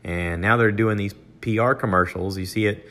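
An older man with a very low voice talks loosely through a solo podcast, with an American accent. He wanders from point to point with plenty of "uh" and "you know", and restarts his sentences. When he quotes someone, his pitch jumps up. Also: steady tone, moderate pace, sharp tone. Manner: rambling, conversational, with many fillers and restarts. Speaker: podcast host. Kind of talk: casual solo monologue.

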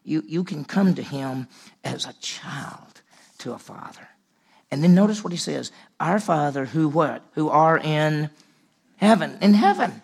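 Gravelly-voiced pastor preaching conversationally. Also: male voice, fairly high pitch, a little slow. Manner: conversational preaching, rhetorical questions, animated rises. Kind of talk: sermon.

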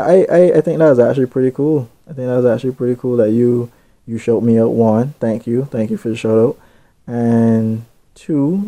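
A young man from Barbados hosting, reading out listener shout-outs in a laid-back, chatty way with little asides. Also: mid-range voice. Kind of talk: casual chat.

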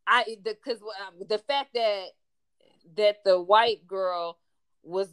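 A woman's voice: mid-range voice, slow pace, clean tone. Emphatic woman host, casual chat. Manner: emphatic, warm slang, encouraging interjections.

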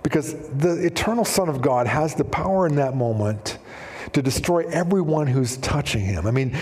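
A man's voice: fairly high pitch, expressive, moderate pace, darkish tone, a little hiss or hum. A middle-aged man preaching a sermon as pastor, telling stories casually with fillers and acting out the voices he quotes. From Canada. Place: church sanctuary. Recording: long hall reverb in a church.

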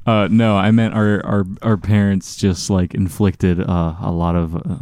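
A man's voice: deep voice, darkish tone, no echo. Young male co-host, dry close mic, hesitant casual talker. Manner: hesitant, many fillers and restarts. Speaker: podcast co-host. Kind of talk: casual chat among friends. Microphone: webcam or desk mic on a call.

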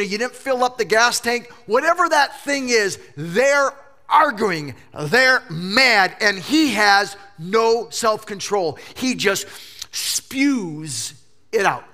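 A male pastor preaching a sermon, telling funny stories in an animated way. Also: sits high. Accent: Southern US. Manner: animated storytelling with jokes.

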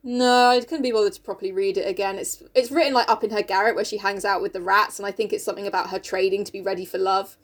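A woman's voice: mid-range voice, steady tone, fast, hardly any pauses. A woman co-hosting a podcast, retelling a book in casual, sweary, giggly chat. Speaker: podcast co-host recapping a book.

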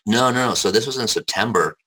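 A man telling his life story in casual conversation, candid and rambling, swearing freely, with a gravelly, husky voice. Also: lowish voice, fast talker, bright, forceful tone, low-quality recording.

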